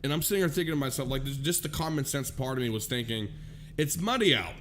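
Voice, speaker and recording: A man hosting a casual talk show, telling a story in a profane, animated way. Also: mid-range voice, fast talker, slight background noise.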